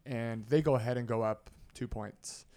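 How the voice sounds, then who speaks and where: With a medium-pitched voice at a moderate pace, this sports betting podcast co-host swaps stories in relaxed banter. He brings movie scenes to life with animated retellings.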